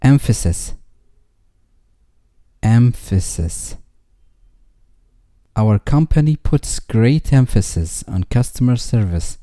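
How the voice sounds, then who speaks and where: A man reading English vocabulary words twice each, followed by a slow example sentence. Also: medium pitch, expressive, warm tone, dry recording, studio quality.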